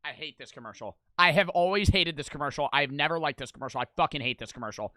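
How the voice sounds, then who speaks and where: A young man casually reacting to old commercials, loud and ranting, with a lot of swearing. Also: a little high, expressive, fast talker, few pauses, no room sound.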